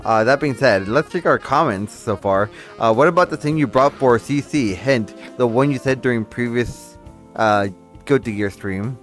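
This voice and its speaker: A man co-hosting a casual live-streamed talk show, joking around quickly and reading out viewer comments. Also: mid-range voice, faint music behind. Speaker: co-host.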